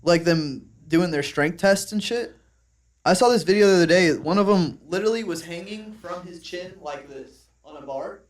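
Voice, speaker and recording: A man's voice: high voice, moderate pace. A young man co-hosting a comedy podcast, telling stories in casual, crude chat and laughing often. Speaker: podcast co-host.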